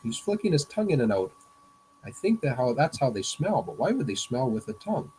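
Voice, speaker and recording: A man voicing an excitable, curious young cartoon boy who fires off eager questions. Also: mid-range voice, a little hiss or hum, natural voice, low-quality recording. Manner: eager, rapid-fire questions.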